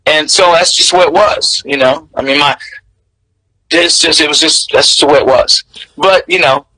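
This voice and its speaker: A man, a guest telling stories in a candid, animated way. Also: fairly high pitch, normal speed, no echo, rough recording. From American South. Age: 60s. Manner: animated, candid, laughs between memories. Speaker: interview guest. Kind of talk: storytelling in casual interview.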